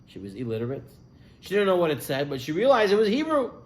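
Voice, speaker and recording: A man's voice: on the high side, huge pitch swings, fast. A man, a rabbi, telling stories in a sermon, his voice rising and falling with the tale. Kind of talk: sermon storytelling.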